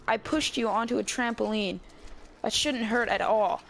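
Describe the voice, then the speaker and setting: A man's voice: high-pitched, steady tone, moderate pace, gravelly, a bit bright, a little hiss or hum. A male YouTuber telling a storytime vlog in a rambling, casual way, full of restarts and swearing. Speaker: YouTube gamer channel host.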